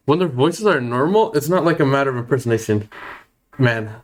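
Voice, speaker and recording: A man's voice: mid-range voice, expressive, fairly quick. A man in his twenties streaming a game, chatting casually in a nervous, self-deprecating way, often stammering and laughing. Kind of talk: casual live-stream chat.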